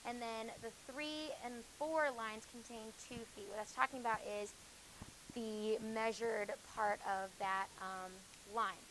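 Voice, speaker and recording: A woman with a somewhat high voice teaches a high school class and explains a lesson step by step. She stumbles through fillers and corrects herself as she goes. A faint hiss sits under the recording. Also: fairly even intonation, a little slow, low-quality recording. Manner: explains with many fillers and self-corrections, hushes students. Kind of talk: classroom lecture.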